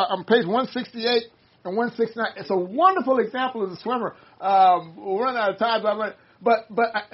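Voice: medium pitch, highs cut off. An older speaker leading a casual Bible study discussion, rambling with many restarts and reading passages aloud.

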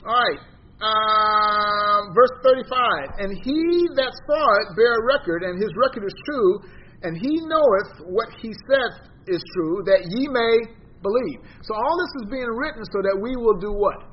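A man's voice: high-pitched, animated, a little slow, breathy edge. A man teaching a Bible study class, reading scripture aloud, then explaining it and quizzing his listeners. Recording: dull lo-fi sound with faint noise.

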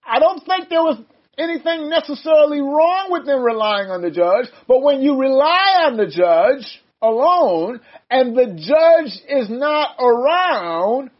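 An older man leading a casual Bible study, chatty and quick to laugh, often breaking off his own sentences. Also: very high-pitched, animated. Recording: dull lo-fi sound.

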